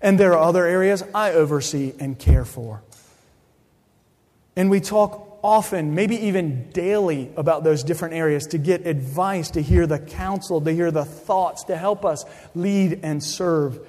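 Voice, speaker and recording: A middle-aged man preaching a sermon as pastor, speaking deliberately and emphatically and repeating his key points. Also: on the high side, a little mellow. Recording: long reverb of a large hall.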